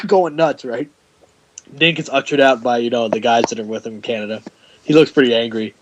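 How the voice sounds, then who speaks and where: The recording is low quality, and the podcast host speaks fairly quickly in a medium-pitched voice. Telling stories in casual talk, he's animated, acts out quotes, and often laughs.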